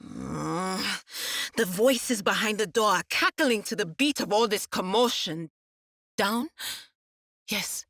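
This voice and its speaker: A woman's voice: mid-range voice, expressive, takes it slowly, vocal fry, pauses often, fairly bright tone, no echo, clean studio sound, heavily acted. An actress playing a nervous female psyker who hears whispering voices, wry and laughing to herself. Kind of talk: video game voice acting.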